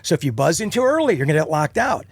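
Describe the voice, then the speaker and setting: A man in his fifties, a podcast guest, telling casual stories in an animated way and acting out quotes. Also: fairly high pitch, fast, dry recording, studio quality. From United States. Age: 50s. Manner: animated, acts out quotes in funny voices. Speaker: podcast guest, rock singer. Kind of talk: casual storytelling.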